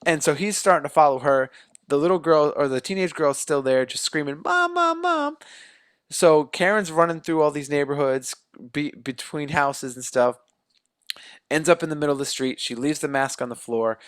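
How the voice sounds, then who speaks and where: A man co-hosting a podcast, excitedly retelling a film plot and acting out the characters' lines in a casual chat. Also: medium pitch, no echo, studio quality. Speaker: podcast co-host. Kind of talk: casual movie recap.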